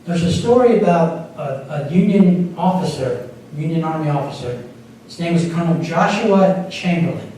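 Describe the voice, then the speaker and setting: A man's voice: on the high side, animated, moderate pace, warm tone, slight background noise. Pastor guy giving a chatty sermon, lots of little restarts, kinda far from the mic. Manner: conversational preaching with small repeats and restarts. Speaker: associate pastor. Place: church sanctuary. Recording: echoey room picked up from far off.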